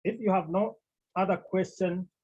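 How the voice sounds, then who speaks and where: A man teaching a Greek class, speaking slowly and deliberately, repeating key words and often clearing his throat. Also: high-pitched, fairly even intonation, a little mellow. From Cameroon. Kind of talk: classroom lecture. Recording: dull lo-fi recording.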